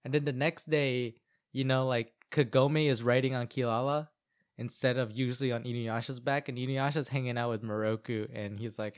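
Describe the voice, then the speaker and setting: A young man co-hosting a podcast, chatting casually as he recaps an anime, full of "like"s and quick asides. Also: mid-range voice, fairly even intonation, smooth. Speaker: podcast co-host.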